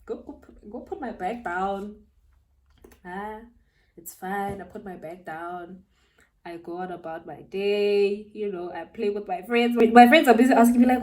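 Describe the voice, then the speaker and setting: With a medium-pitched voice and a measured pace, a young South African beauty vlogger tells a story mid-makeup, lively, slangy and laughing as she goes. The mic is placed far from her.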